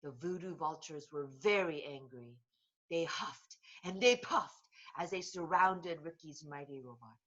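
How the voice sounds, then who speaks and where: A woman reading a children's book aloud in a slow, expressive voice. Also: low voice, dull audio. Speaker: storybook reader.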